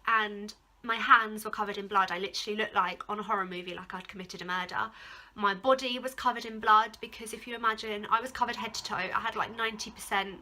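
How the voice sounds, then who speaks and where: A woman's voice: mid-range voice, pushed and bright. A young woman, talking casually to camera as a vlogger, rambling with many fillers as she recounts a personal ordeal. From England. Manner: rambling, heavy use of "like", emotional at moments. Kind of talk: casual storytime vlog.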